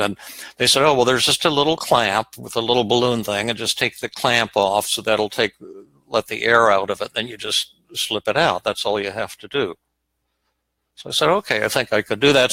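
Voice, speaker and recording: An older man, a psychiatrist, telling a personal story in a live question-and-answer session, halting and repeating words as he goes. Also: medium pitch, vocal fry, pushed and bright, dry recording, low-quality recording. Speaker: psychiatrist and podcast host.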